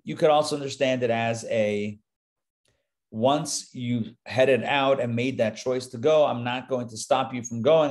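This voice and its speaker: A man's voice: medium pitch, a little mellow. A male rabbi teaching a live Torah class, talking conversationally and dropping joking asides as he reads the text.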